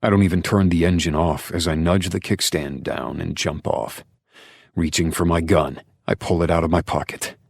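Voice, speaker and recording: Deep gravelly male audiobook narrator. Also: fairly even intonation, normal speed, no echo, clean studio sound. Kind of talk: first-person audiobook narration.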